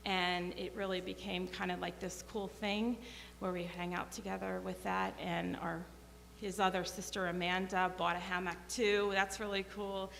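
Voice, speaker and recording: Gravelly woman giving halting thanks. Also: fairly low pitch, flat delivery, fairly bright tone. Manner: halting, many fillers, heartfelt thanks. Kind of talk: memorial speech. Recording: echoey hall with faint hum.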